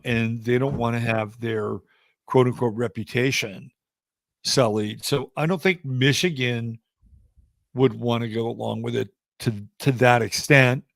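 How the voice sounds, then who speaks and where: A man's voice: mid-range voice, vocal fry, no echo, clean studio sound. A man commenting on sports through astrology in casual talk-show debate, rambling and blunt with frequent hesitations. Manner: rambling, hesitant with many fillers and restarts, blunt.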